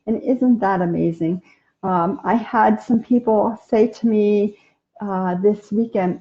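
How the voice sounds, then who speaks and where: A woman's voice: medium pitch, steady tone, a little slow, dull audio. A woman hosting a casual inspirational live stream, chatting and answering viewer comments with many ums and restarts.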